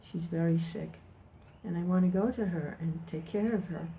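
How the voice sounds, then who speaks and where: A frail old woman asks softly for help, her voice low and quiet, as a woman narrator voices her. It is gentle storytelling, close to plain speech. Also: normal speed, a little hiss or hum, close to an everyday voice, low-quality recording. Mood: pleading. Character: very old, feeble, tearful woman.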